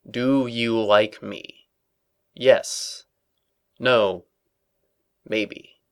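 A man reading comedic fan fiction aloud as narrator, with dry, mock-serious storytelling. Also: on the low side.

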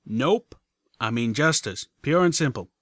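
A man's voice: mid-range voice, animated, unhurried, dry recording, natural voice. A man voicing a blunt, folksy male pegasus pony gunslinger with a plain-spoken drawl. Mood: resolute.

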